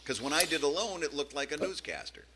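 A man co-hosting a podcast in casual chat, telling stories in an animated, self-deprecating way with many restarts. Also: fairly high pitch, fast talker, a little hiss or hum. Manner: animated, self-deprecating, repeats words while storytelling. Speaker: podcast co-host.

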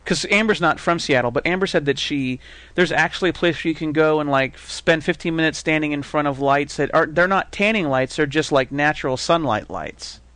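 A man's voice: fairly high pitch, brisk, a bit bright, no room sound. A man hosting a podcast, telling stories animatedly and acting out other people's voices in casual comedic chat. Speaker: podcast host.

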